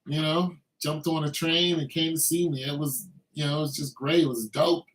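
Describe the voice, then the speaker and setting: Veteran guy vlogging, slightly high voice, easygoing rambling delivery, echoey room. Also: fairly even intonation, moderate pace. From Braddock, Pennsylvania. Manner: loose, conversational, heavy on filler phrases. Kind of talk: casual commentary monologue.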